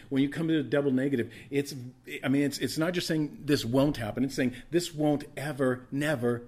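A man's voice: medium pitch, a little mellow. Emphatic male preacher teaching scripture. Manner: emphatic teaching, repeats key words for stress, asks listeners to take notes; conversational asides with fillers. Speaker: pastor. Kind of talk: sermon.

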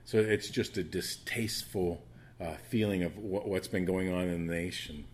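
Soothing guy leading bible study, lowish voice, loose and rambly, keeps restarting. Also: fairly even intonation, normal speed. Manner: rambling, with frequent restarts and fillers. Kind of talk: unscripted Bible teaching.

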